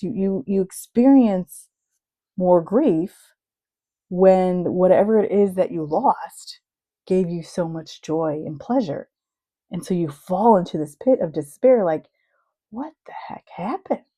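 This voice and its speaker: In a warm, lowish voice, a middle-aged marriage and family therapist opens up about her own life in candid personal talk. She comes across as reflective and earnest, and the low-quality recording has no echo.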